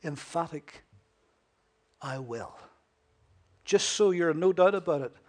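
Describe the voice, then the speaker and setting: High-voiced emphatic male preacher. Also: brisk. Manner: emphatic, with rhetorical questions and swings between loud and hushed. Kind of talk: sermon.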